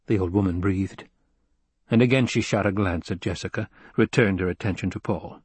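A man narrating a novel in a measured, even storytelling manner. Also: sits low, breathy edge, dry recording. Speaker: audiobook narrator. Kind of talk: scripted narration.

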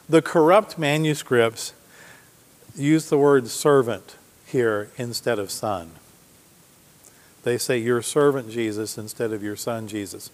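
Man preaching in an echoing hall. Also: medium pitch. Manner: teaching Bible verses, reading scripture aloud with emphasis; asks the congregation questions. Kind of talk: sermon. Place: church sanctuary.

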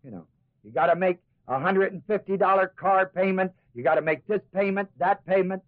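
High-voiced man preaching on tinny tape. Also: a little fast, no room sound. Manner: mimics doubters in asides, then preaches with rising emphasis. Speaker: Bible teacher. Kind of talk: sermon teaching to a class. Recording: tinny lo-fi old tape, dry.

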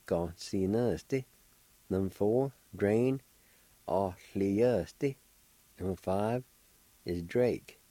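A middle-aged man works as a radio language teacher, patiently giving a slow lesson in spelling and pronouncing words. His voice is lowish and mellow, with no room sound, though the recording is rough.

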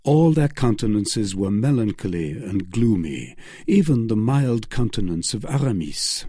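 A man narrating a classic adventure novel in a measured, expressive storytelling manner, close to the mic. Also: lowish voice, breathy edge, dry recording. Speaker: audiobook narrator.

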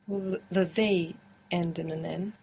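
A woman student answers her teacher's questions in a language lesson. Her answers are short and hesitant, spoken slowly in a low, husky voice. She sounds a little far from the mic. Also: steady tone, darkish tone.

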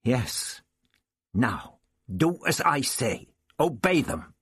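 A man's voice: medium pitch, sing-song, very slow, fairly bright tone, slightly rough, no echo, clean studio sound, voice pushed up, full character voice. A man voicing an irascible elderly male time traveller who barks commands impatiently. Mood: urgent.

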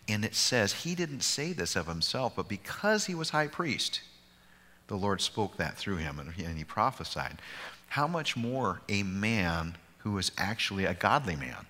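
Deep-voiced pastor in a reverberant church. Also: male voice, very animated, unhurried, bright, forceful tone. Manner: informal, digressive, self-deprecating humor. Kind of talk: conversational bible study teaching.

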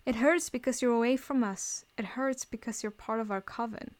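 A woman reading aloud, voicing a calm, patient older man who speaks lightly. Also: on the high side, moderate pace, lightly acted.

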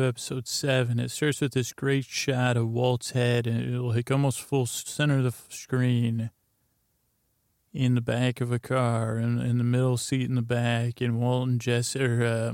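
A man casually recapping a TV episode, rambling and halting with many fillers and restarts. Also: medium pitch, gravelly, darkish tone, no room sound, studio quality. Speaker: podcast host.

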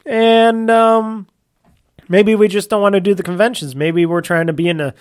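A man with a rather high voice hosts a casual solo podcast from his home office, talking into a desk mic. He rambles on at length, circling back on himself with plenty of fillers and restarts. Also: fairly even intonation, moderate pace. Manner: rambling, talkative, self-interrupting with fillers. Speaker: podcast host. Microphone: desk microphone.

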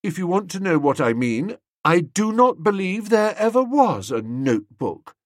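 A man's voice: high-pitched, big pitch swings, moderate pace, no echo, clean studio sound, voice pushed up. A man voicing a stern, disbelieving man who answers curtly.

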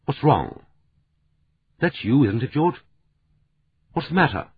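A man voicing a pushy woman caller in an audiobook, firing off brisk, demanding questions. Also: medium pitch, big pitch swings, husky, highs cut off, voice pushed up, heavily acted.

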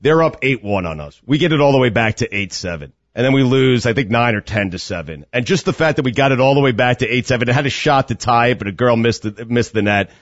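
A man's voice: medium pitch, fast talker, hardly any pauses, no echo. A man co-hosting a radio show, emotionally telling a story about coaching his daughter's team, tearing up as he talks. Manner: choked up, storytelling with rising excitement. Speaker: co-host, youth lacrosse coach. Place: radio studio. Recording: dull radio studio sound, dry.

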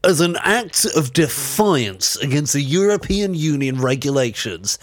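An actor playing a posh English talk-radio host who rants indignantly. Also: male voice, on the high side, lively intonation, unhurried, a little hiss or hum. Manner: ranting, indignant, pompous. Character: ranting posh pro-Brexit radio host, man.

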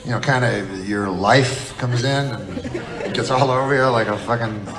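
A man's voice: medium pitch, normal speed, noisy background. A man doing stand-up comedy, telling rambling, profane stories in a loose conversational way. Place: live comedy venue with audience. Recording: live stand-up with crowd laughter. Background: audience laughter.

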